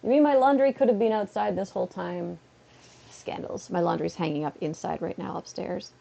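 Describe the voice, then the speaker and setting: Gravelly low-voiced woman, chatty streamer. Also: normal speed, warm tone. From Canada. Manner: rambling, chatty, many "like" fillers. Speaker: livestreamer. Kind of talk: casual chat. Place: at home, seated on a beanbag.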